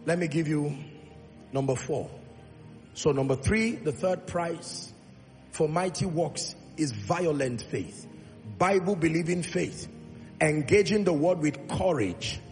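A man preaching a sermon in a church, calling for congregation responses and swelling to loud, emphatic peaks, drawing out key words slowly. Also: fairly high pitch, vocal fry. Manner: drawn-out, slow emphatic delivery on key points. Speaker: pastor. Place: large church hall. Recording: long hall reverb with faint music.

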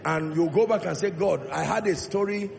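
A man preaching a sermon in a church, calling for congregation responses and swelling to loud, emphatic peaks, drawing out key words slowly. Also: high voice, gravelly. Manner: drawn-out, slow emphatic delivery on key points. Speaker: pastor. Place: large church hall. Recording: long hall reverb with faint music.

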